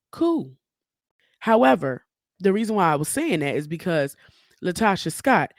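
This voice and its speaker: A woman's voice: medium pitch, no room sound. A woman host sounding off alone on a podcast, blunt and fired up, cursing freely as she makes her case. Her mid-range voice sits close and dry on the mic, with no room sound around it. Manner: blunt, heated and profane, with frequent asides. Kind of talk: solo opinion commentary.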